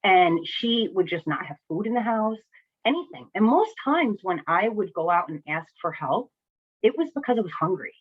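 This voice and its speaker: In tinny, phone-style audio, an adult woman from New Jersey who is raising kids on her own opens up about her life in a vlog. Her mid-range voice is very animated and moves at a normal speed, punctuated by "right?" and "you know?".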